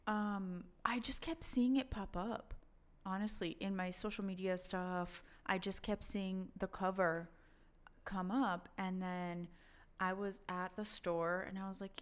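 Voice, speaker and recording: A woman's voice: mid-range voice, fairly even intonation, a little slow. A woman co-hosting a casual book chat, talking enthusiastically in a rambling way.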